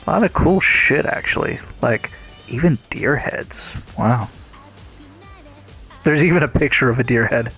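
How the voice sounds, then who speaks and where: A man commenting on his game in a casual, excitable way, cursing freely along the way. His middle-pitched voice has a gravelly fry, and faint music sits behind him. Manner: casual, enthusiastic, swears a lot. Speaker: game streamer. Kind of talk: let's play commentary.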